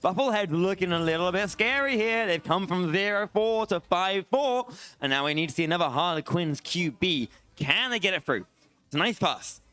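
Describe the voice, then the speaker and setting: A man's voice: high-pitched, animated, normal speed, bright, forceful tone, smooth. A young man commentating a live esports match play-by-play, exclaiming at big plays.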